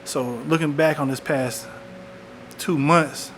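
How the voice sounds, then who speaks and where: Sitting in a parked car, a young vlogger documents his illness in a candid, reflective video diary, often saying "man." His voice is fairly high, even, slow, and a bit bright, with music underneath and slight background noise.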